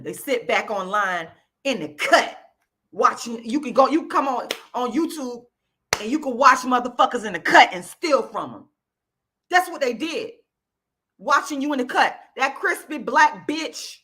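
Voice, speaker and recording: Woman vlogger, fiery profane rant, bright and forceful tone, higher-pitched voice. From Florida, US. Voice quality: loud, profane, repetitive emphatic delivery. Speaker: YouTube channel host. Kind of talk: angry direct-to-camera rant.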